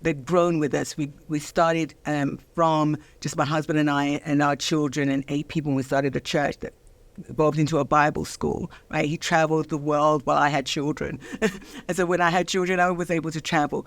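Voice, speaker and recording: A woman's voice: low voice, steady tone, moderate pace, no echo. Middle-aged woman sharing her story, dry sound. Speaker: interview guest. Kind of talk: relaxed conversational storytelling.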